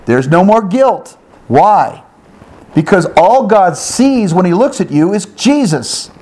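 A man teaching the Bible one-on-one in an animated way, with exclamations, rhetorical questions and repeated phrases. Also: high voice. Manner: animated, with exclamations and sound effects.

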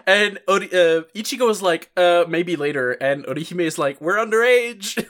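A man's voice: high-pitched, fairly even intonation, normal speed, fairly bright tone. A man in casual podcast chat, recapping an anime episode, laughing often and acting out the characters' quoted lines.

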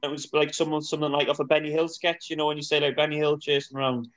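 A man's voice: a little high, little pitch movement, quick pace, fairly bright tone, low-quality recording. A man co-hosting a football podcast, rambling through a funny anecdote with lots of fillers. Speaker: podcast co-host. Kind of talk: casual chat.

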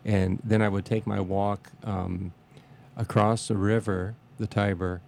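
A man reminiscing in a casual interview, speaking haltingly with many restarts and fillers and a reverent tone. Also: on the low side, flat delivery, gravelly, a little mellow, a little hiss or hum.

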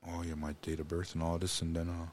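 Deep-voiced man telling a halting story. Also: monotone, a little mellow, slight background noise. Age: adult parent. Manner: rambling, halting with restarts; speaks of God and blessing. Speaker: guest. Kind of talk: personal storytelling.

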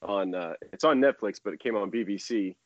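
A chatty man in his thirties with a lowish voice talks in loose, rambling sentences and laughs easily. The sound is dry and close, with no room around it. The audio is a little dull and muffled, like a remote call. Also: brisk, no echo. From United States. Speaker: baseball pitcher, guest. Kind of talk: casual interview chat.

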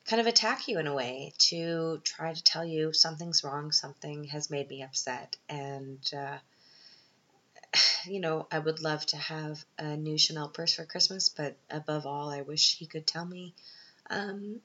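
A woman's voice: deep voice, measured pace, sharp tone. A woman hosting her own podcast, talking through tears, hesitant and full of ums, on a dull lo-fi recording. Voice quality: unscripted, hesitant with many ums. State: tearful, emotional. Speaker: podcast host. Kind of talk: personal podcast monologue. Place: Vienna.

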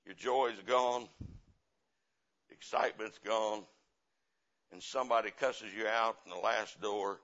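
A middle-aged man preaching a sermon as a guest missionary, telling stories in an impassioned way that swings from loud to quiet and repeats phrases for emphasis. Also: on the low side, steady tone, slow pace, pauses often. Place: church. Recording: dull lo-fi sermon recording.

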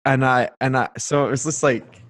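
A man's voice: medium pitch, steady tone, normal speed, fairly bright tone. Chatty young man telling a story. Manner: chatty, filler-heavy, acts out quoted voices. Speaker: guest. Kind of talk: casual storytelling chat.

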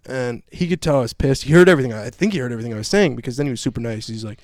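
A male podcast host telling a story in casual chat, with a profane, animated ranting manner. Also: mid-range voice, very fast, few pauses, no echo, clean studio sound.

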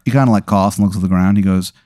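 A man's voice: low-pitched, steady tone, very fast, warm tone, no room sound, clean studio sound. A man hosting a comedic podcast, improvising a hypothetical story in a rambling way full of "like" and "kinda". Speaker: host running an improvised hypothetical.

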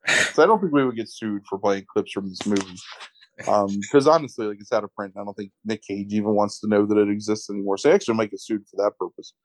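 A man casually recapping a movie plot on a podcast, swearing freely and telling it with lively energy. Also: fairly low pitch, quick pace, no echo, rough recording. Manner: profane, animated retelling with acted quotes. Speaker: podcast co-host.

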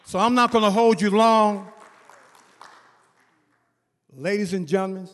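A man's voice: sits high, measured pace, a bit bright. A man leading a church service, praising the speaker and introducing a young man. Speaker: youth minister. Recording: reverberant church hall with crowd.

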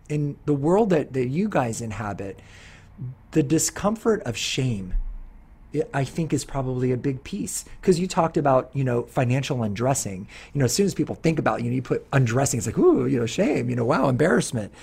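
A man's voice: medium pitch, a little mellow, husky. A middle-aged man hosting a podcast, talking in an earnest, rambling way with many restarts. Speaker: podcast host. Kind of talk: casual podcast chat.

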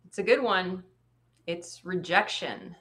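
A woman in a casual chat, explaining her ideas in a measured way. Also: lowish voice, very animated, fairly bright tone.

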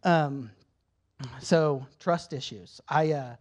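Drawing out his words in a slightly high voice, a man offers a church a conversational, candid sermon-style testimony. He becomes emotional at times and often self-corrects by restarting sentences.

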